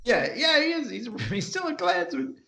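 A man's voice: very high voice, normal speed, creaky. A man, chatting casually as a podcast co-host and acting out scenes as he retells them. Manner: animated, acts out characters' lines while retelling scenes. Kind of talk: casual chat recapping a TV episode.

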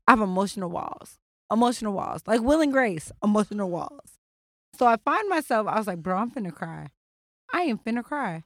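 A young woman co-hosting a podcast, telling stories in a blunt, profane and animated casual chat. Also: mid-range voice, no room sound, studio quality. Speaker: podcast co-host.

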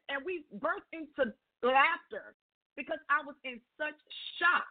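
A middle-aged woman on a call-in show, telling her story in a lively way and acting out each voice in the dialogue. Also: unhurried. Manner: expressive, acts out dialogue with big pitch jumps. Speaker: call-in guest sharing a testimony. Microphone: telephone. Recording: tinny phone line.

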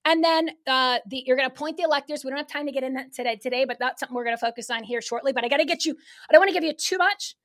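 Woman, high voice, fired-up, emphatic, rapid talk-show guest. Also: a bit bright. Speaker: guest activist. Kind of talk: casual talk-show chat.

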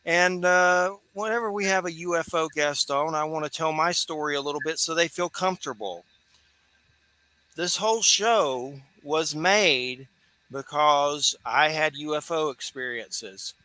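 A man's voice: on the high side, unhurried, pushed and bright, no echo. Chatty man hosting radio. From Georgia, US. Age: 40s. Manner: loose and chatty, laughs easily, rambling asides. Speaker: radio show host. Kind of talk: casual radio talk.

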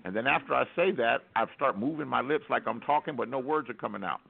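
A man's voice: medium pitch, animated, fast, vocal fry, heavy background noise. An American man telling a rambling, wry story as a caller on a call-in radio show, with many restarts. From United States. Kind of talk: casual storytelling on talk radio. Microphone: telephone. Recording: tinny phone line.

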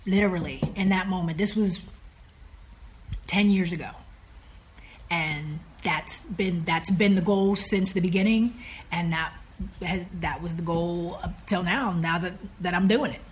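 A woman guest telling a story in a casual interview, lively and frank, acting out the voices of the people she quotes. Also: a little slow. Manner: animated, acts out quoted dialogue with big pitch jumps. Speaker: podcast guest.

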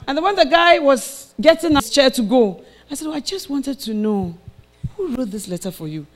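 A woman preaching with a storyteller's flair, moving from quiet recounting to loud, shouted calls to the congregation. She plays out the voices of the people in her story as she goes. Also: sits high, brisk. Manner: storytelling, acting out quoted voices, rising to shouted exhortation. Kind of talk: sermon with personal story.

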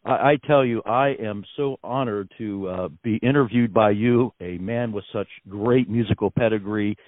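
A man's voice: on the low side, normal speed, no echo. An American man, a musician, talking in a phone interview in an effusive, gracious way with many fillers. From United States. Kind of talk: phone interview, casual storytelling. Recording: tinny phone line.

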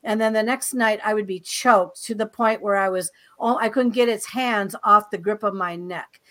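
A woman guest on a talk show, telling her own paranormal experiences in a casual, animated way and often repeating words. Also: medium pitch, moderate pace. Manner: animated, breezy storyteller who repeats words as she goes. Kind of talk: casual storytelling interview.

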